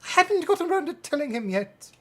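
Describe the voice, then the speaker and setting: A man's voice: extremely high pitch, big pitch swings, fast talker, fairly bright tone, voice pushed up, full character voice. A man voicing a fussy, motherly middle-aged woman, reading a novel aloud on a live stream. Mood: sheepish.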